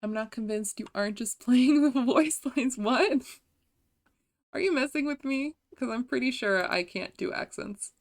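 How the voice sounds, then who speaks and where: A woman streamer chatting casually with viewers, giggly and self-deprecating, often trying out voice impressions. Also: on the high side. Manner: giggly, self-deprecating, slow and soft-spoken.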